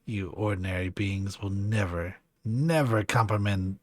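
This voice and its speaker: A man's voice: on the low side, measured pace, dry recording, studio quality, natural voice. A man reading aloud the lines of a sneering, gloating mad-scientist villain from a video game, repeating his words with cackling contempt.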